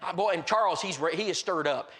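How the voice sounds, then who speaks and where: Speaking a little fast in a voice that sits high, this preacher tells stories during his sermon and animatedly plays the characters in them. His delivery is full of restarts and fillers.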